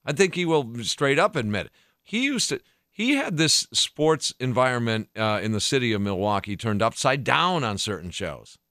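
A man's voice: medium pitch, sing-song, normal speed, bright, forceful tone, no room sound. Laid-back male podcast host, dry sound. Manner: laid-back, rambling with restarts. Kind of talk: casual chat.

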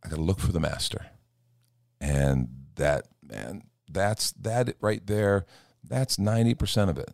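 Deep-voiced pastor telling earnest stories. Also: male voice, a little slow, gravelly, dry recording, studio quality. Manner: earnest, animated storytelling with acted-out quotes. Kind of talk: casual chat. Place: church.

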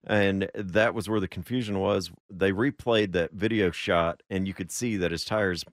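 A man with a fairly low voice talks on a motorsport podcast. He is casual and makes dry quips between points. The sound is dry and close. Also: steady tone, moderate pace, no room sound. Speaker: podcast co-host.

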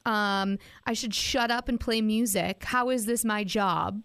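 A woman's voice: medium pitch, unhurried. A woman from Northeast Wisconsin, a radio host chatting casually and acting out quotes as she tells a story. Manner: animated storytelling with acted-out quotes. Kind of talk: casual chat.

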